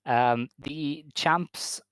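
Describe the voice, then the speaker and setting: A man's voice: on the high side, drawn-out words, fairly bright tone, smooth, dry recording. A man co-hosting a casual chat, matter-of-fact as he runs through match results. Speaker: podcast co-host.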